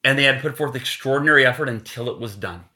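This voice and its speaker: Speaking at a quick pace in a medium-pitched voice, this male podcast guest recounts an inspiring tale about sales. His delivery is lively and motivational, and he performs each quote aloud.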